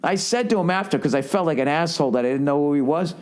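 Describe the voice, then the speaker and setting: A man's voice: a little high, fast. A man in his forties with a Boston accent, telling a long rambling story on his podcast in a casual, profane way and acting out the quotes. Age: 40s. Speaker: comedian and podcast host.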